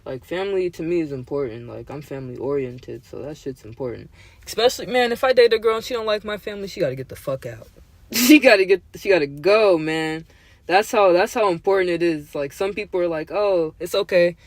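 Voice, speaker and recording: A man's voice: high-pitched, expressive, fairly quick, no echo. A young man in his twenties hosting a podcast, talking in casual chat with slangy, profane language that gets heated. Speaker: podcast host.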